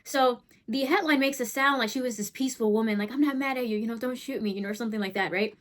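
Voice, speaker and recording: Woman host, political commentary, blunt and heated, keeps asking "right?", a bit high-pitched.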